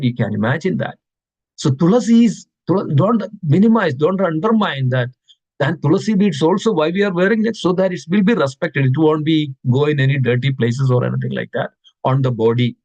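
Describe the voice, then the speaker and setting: A man's voice: a little high, lively intonation, brisk, a little mellow, no room sound, lo-fi sound. Man giving a devotional class. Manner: asks the audience questions, repeats words for stress; recites Sanskrit verses. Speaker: class speaker.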